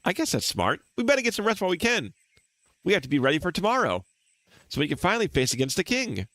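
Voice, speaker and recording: A man voicing a cheerful young female companion, chirpy and teasing, in a high sing-song voice. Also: huge pitch swings, quick pace, fairly bright tone, full character voice.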